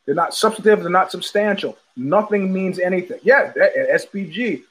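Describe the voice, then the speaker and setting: A man's voice: high-pitched, lively intonation, moderate pace, slightly rough, low-quality recording. A man hosting a podcast, telling a casual rambling story with many restarts and repetitions. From United States. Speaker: podcast host.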